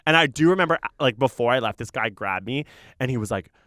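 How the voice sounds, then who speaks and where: A young man from Canada, co-hosting a podcast and telling an anecdote in a casual, animated way. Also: medium pitch, fast talker, dry recording, studio quality. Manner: animated, acts out voices in anecdotes. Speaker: podcast co-host. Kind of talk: casual storytelling chat.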